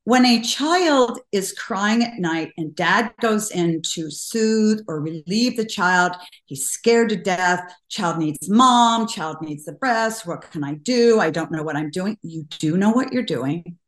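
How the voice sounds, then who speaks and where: An older woman speaking as a guest in an interview, telling stories earnestly and getting animated when she quotes people. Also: on the low side, slow pace, hardly any pauses. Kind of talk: conversational interview. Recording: roomy echo.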